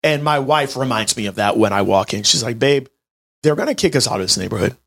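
Young man, twenties, casual storytelling, chatty and animated, bouncy pitch. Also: brisk, vocal fry. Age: 20s. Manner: animated, chatty storyteller, addresses listeners directly. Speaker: healthcare business owner. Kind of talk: storytelling monologue to an audience.

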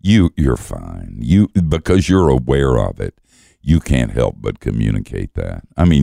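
A man's voice: rumbling low, very animated, unhurried, gravelly, dark tone, dry recording, clean studio sound. An older man, a guest teacher, telling stories in conversation with wry, self-mocking humor and frequent chuckles. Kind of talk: storytelling conversation.

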